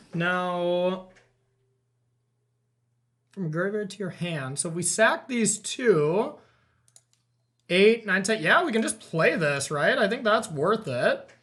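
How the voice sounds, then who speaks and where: A man hosting a card game session, thinking aloud as he counts and checks his plays in relaxed, self-amused commentary. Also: high-pitched. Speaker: host playing a card game. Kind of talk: casual gameplay commentary.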